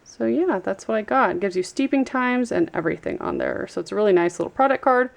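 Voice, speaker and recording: A woman talks through an unboxing in a relaxed, chatty way, pausing to read labels aloud. Her voice carries a gravelly rasp at a middle pitch, with crinkling packaging heard now and then. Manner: chatty, trails off while reading labels. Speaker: YouTube vlogger. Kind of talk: casual unboxing chat.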